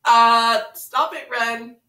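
A woman's voice: fairly high pitch, fairly even intonation, extremely slow, bright, forceful tone, soft background music, exaggerated voice. A woman playing a brash, pun-loving young woman brawler in a comedic fan parody, teasing and impatient, reading a picture book aloud in a sing-song voice. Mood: playful. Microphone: camera mic set far away. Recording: roomy room, mic far away.

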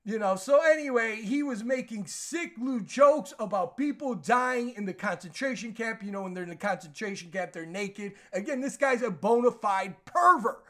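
A male online commentator with a strikingly high-pitched voice, talking in a heated, emphatic rant. His delivery is forceful and insistent, and it rises into shouting at times. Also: animated, moderate pace. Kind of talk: ranting commentary monologue.

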